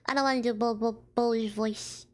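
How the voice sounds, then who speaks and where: A woman's voice: fairly high pitch, fairly even intonation, moderate pace. A woman streaming a story game, reading the lines aloud and breaking off into exasperated comments.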